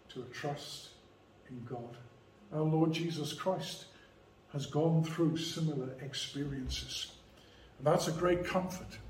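A man preaching a sermon in a church, measured and emphatic, leaning hard on key phrases. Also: on the high side, slight background noise. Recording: echoey church hall, mic at a distance.

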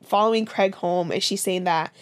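A woman's voice: on the low side, normal speed. A young woman co-hosting a podcast, casually recapping a TV episode with lots of fillers and swearing. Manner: animated, swearing, fillers and 'this, that, and the fourth'. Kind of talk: casual chat, recap storytelling.

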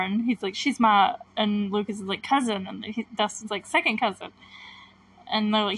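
A woman's voice: mid-range voice, fairly even intonation, normal speed, a bit bright, breathy edge, dry recording, rough recording. A young woman hosting a podcast, chatting casually and giggling as she retells scenes and quotes the characters' lines. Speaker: podcast host recapping a TV episode. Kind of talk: casual chat.

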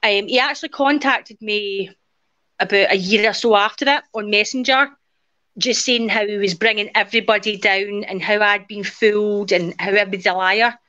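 An interview guest in her forties relates a personal story casually, bringing it to life by acting out the quoted lines. Her voice is mid-range at a normal pace, and the audio is dull lo-fi.

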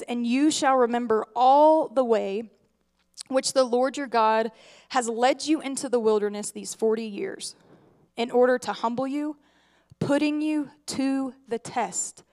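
A young adult woman giving a sermon in a conversational, animated preaching style full of rhetorical questions. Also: on the high side.

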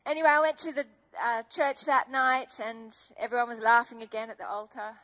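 High-voiced woman preaching. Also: fairly even intonation, a little fast, sharp tone. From Australia. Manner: emotional, earnest storytelling. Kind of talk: testimony sermon.

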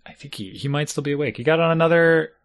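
A middle-aged man in casual chat as a podcast co-host, animated and laughing often, with frequent restarts. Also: fairly high pitch, fast talker.

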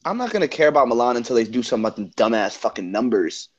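Animated, swearing man ranting about football. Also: mid-range voice, rapid-fire, highs cut off. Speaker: podcast co-host. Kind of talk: casual chat.

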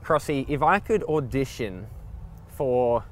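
A man's voice: medium pitch, lively intonation, slow pace, a little hiss or hum. A man with an Australian accent hosting a radio show in casual chat, playful and teasing. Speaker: radio host.

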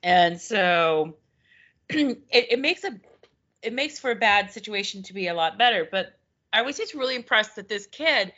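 In dull, lo-fi audio, a podcast co-host and former customer service manager speaks at a measured pace in a mid-range voice. She's an animated storyteller in casual chat, performing what people said.

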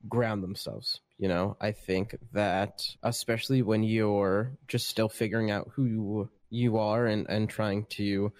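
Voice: mid-range voice, level tone, unhurried, few pauses, darkish tone, dry recording. Hesitant speaker on a call, keeps repeating words, dry sound. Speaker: discussion participant. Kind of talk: casual group discussion.

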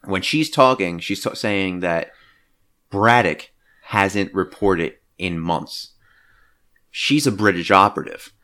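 Deep-voiced man in excited fan chat. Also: takes it slowly. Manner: animated, theorizing fan talk with many fillers. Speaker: podcast co-host. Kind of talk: casual movie review chat.

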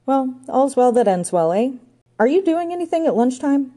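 A woman voicing an excitable male park ranger who talks in an eager, flustered way. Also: high voice, moderate pace, pitched above the performer's own voice.

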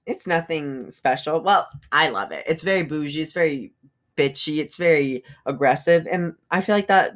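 Low-voiced chatty young woman podcaster. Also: expressive, moderate pace. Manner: chatty and rambling, with frequent fillers and asides. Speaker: podcast host. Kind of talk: casual solo podcast chat.

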